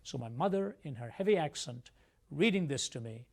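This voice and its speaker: A man tells his personal testimony slowly and deliberately. His voice has a gravelly rasp of vocal fry. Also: fairly high pitch, lively intonation. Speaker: speaker giving a personal testimony.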